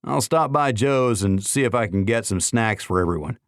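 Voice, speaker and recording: A man voicing a friendly, brisk community leader who talks in an upbeat way. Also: on the low side, lively intonation, no room sound, studio quality.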